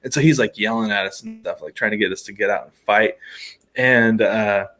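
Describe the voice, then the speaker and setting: A man's voice: fairly low pitch, brisk. A man in his thirties, a podcast co-host, telling a long funny story in casual chat, laughing often and acting out what people said. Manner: animated, laughs often, acts out quoted voices.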